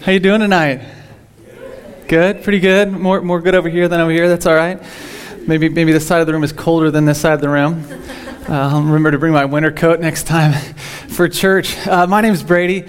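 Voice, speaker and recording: Young male pastor, high voice, joking sermon, rambling, stumbling restarts. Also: steady tone, a little fast. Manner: jokey, rambling, repeats words when starting sentences. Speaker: teaching pastor. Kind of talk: humorous sermon. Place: church.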